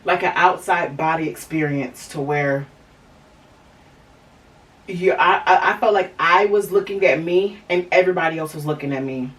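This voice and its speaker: A woman's voice: low-pitched, normal speed, far from the mic, rough recording. A woman hosting a podcast, telling a candid personal story in a rambling way, with lots of fillers and restarts. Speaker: podcast host.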